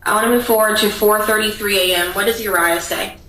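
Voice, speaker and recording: A woman examining a witness in court with brisk, direct questions. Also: mid-range voice, steady tone. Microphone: distant courtroom microphone. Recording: echoey, distant courtroom audio with noise.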